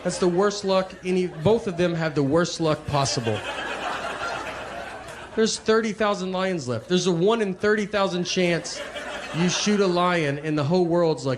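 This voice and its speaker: A stand-up comedian with a Tennessee Southern accent, delivering a live set in a deadpan, meandering way with many hesitations. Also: male voice, sits high, moderate pace, crowd noise. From Tennessee, USA. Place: stage in a venue with an audience. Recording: noisy, echoey live stage recording.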